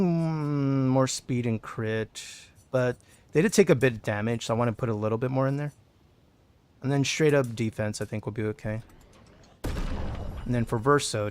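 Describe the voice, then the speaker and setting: A man's voice: medium pitch, a little mellow, clear, resonant tone, dry recording. A man streaming a video game, chatting casually with his viewers and thinking aloud as he plays. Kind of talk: casual gameplay commentary.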